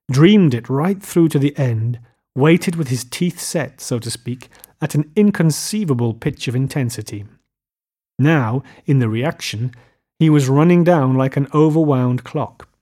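A man reading literary fiction aloud as an audiobook narrator, measured and unhurried. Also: mid-range voice, expressive, mellow, breathy edge.

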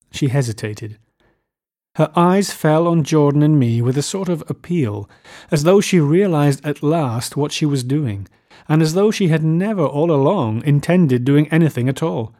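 A male narrator reading a classic novel aloud, measured and expressive, in a voice sitting a little above the usual male pitch. His delivery is steady and carefully paced.

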